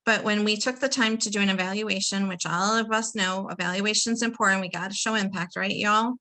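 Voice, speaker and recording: A woman's voice: mid-range voice, steady tone, a little fast, pushed and bright, rough recording. A woman hosting a webinar over a video call, enthusiastic and addressing the audience as "y'all". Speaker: webinar host.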